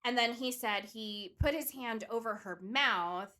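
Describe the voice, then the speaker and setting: A woman's voice: fairly high pitch, a little slow, pushed and bright. A young woman co-hosting a podcast, telling a story in a chatty way with lots of "like" and "um". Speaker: podcast co-host telling the case. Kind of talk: casual chat.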